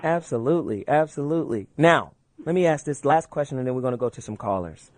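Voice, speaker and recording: A man with a mid-range voice talks quickly while hosting a call-in radio talk show with no room sound. Animated and playful, he jokes with his guests, laughs often, and invites callers to phone in.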